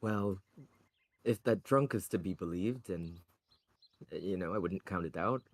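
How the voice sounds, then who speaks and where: A man voicing a curious, shrewd halfling artificer in a tabletop role-play, thinking aloud in a measured way. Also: sits low. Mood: speculating. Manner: thoughtful, speculating.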